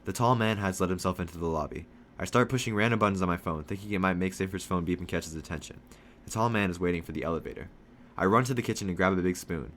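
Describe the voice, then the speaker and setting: A man reading a children's novel aloud in steady first-person storytelling, lightly voicing the dialogue. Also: sits low, a little hiss or hum.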